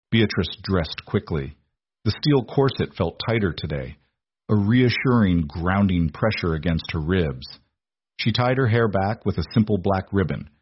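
A man reading a story aloud in a measured, dramatic narration. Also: low-pitched, slightly rough, no echo. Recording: dull lo-fi recording.

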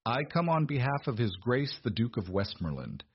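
Man voicing a cold pompous lawyer, sneering, husky, muffled storybook audio. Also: mid-range voice, very animated, moderate pace, no echo, pitched above the performer's own voice. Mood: condescending.

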